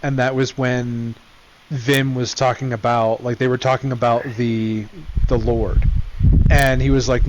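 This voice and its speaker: A man co-hosting a podcast, talking enthusiastically about a book with quick asides and easy laughs. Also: medium pitch, level tone, highs cut off, background noise. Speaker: podcast co-host. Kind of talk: casual book discussion.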